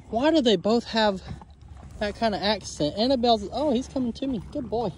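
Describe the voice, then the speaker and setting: High-voiced man coaxing animals. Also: lively intonation, moderate pace, slightly rough. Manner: coaxing, affectionate chatter to animals. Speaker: homesteader vlogger. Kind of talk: casual vlog talk. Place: outdoor pasture.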